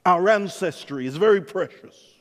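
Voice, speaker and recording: A male preacher with an English accent, his voice pitched high and swinging widely as he tells stories. He delivers a sermon in an animated way, acting out the other voices in his stories. A long reverb trails each phrase, as if he is in a large hall. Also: moderate pace. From England. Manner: animated storytelling preacher, acts out dialogue. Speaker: pastor.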